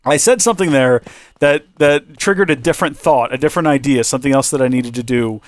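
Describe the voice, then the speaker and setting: Speaking at a quick pace in a mid-range voice, this gaming-channel host keeps up loose, joking let's-play chatter with his audience. He's clearly losing his voice as he goes.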